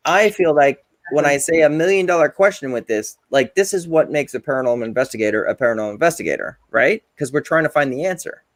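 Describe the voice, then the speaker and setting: A man's voice: a little high, fast, hardly any pauses, no room sound. A man hosting an interview, a paranormal investigator who talks eagerly and often restarts his sentences. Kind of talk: casual interview chat.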